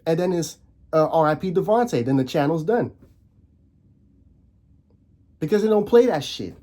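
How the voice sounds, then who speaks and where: A young man hosting his own channel, ranting casually to camera in a fired-up way, stumbling and repeating words, his voice leaping higher on emphatic points. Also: animated, moderate pace, mellow. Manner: frequent restarts and repeated words. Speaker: video host.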